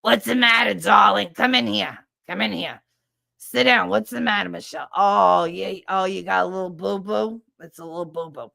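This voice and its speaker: A brusque older school nurse who chain-smokes, fusses and calls every kid darling, as a woman puts her on. Her voice is gravelly and recorded close and dry. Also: mid-range voice, normal speed, sharp tone, no echo. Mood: fussing.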